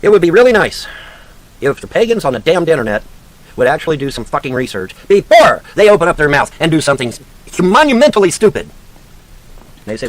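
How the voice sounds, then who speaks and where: A man in full rant, swearing freely and hurling insults in a fairly high voice that leaps up and down. He talks down like a scornful teacher quizzing a class, his pitch jumping with every jab. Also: big pitch swings, fairly quick. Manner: profane, mocking, shouting insults at a named woman; sarcastic, lecturing like a teacher. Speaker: online commentator. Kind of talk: angry rant.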